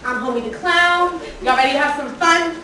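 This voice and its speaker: A woman's voice: sits high, moderate pace, very noisy, lightly acted. A woman playing a grumpy, sarcastic male party clown who scorns the kids in a stage comedy sketch. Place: theater stage. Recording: echoey hall from far off.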